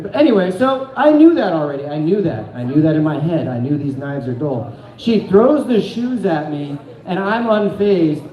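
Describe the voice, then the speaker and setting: A man's voice: fairly high pitch, reverberant, highs cut off. A young man from Phoenix doing stand-up storytelling, rambling and profane, with a self-deprecating streak, on a comedy club stage. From Phoenix, Arizona.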